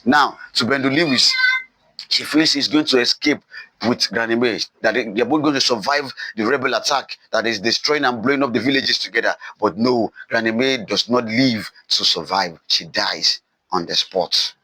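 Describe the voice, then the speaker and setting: A man's voice: mid-range voice, normal speed, bright, forceful tone, slightly rough, no echo, rough recording. A man teaching a recorded literature lesson, repeating key points with emphasis and answering his own questions. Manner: repetitive, emphatic, asks questions and answers them himself.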